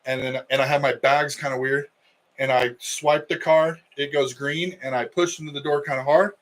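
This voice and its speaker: Middle-aged man, wrestling coach, casual storytelling, acts out quotes, fairly high voice. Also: moderate pace, rough recording. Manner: animated storyteller acting out quotes. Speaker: wrestling coach and podcast co-host.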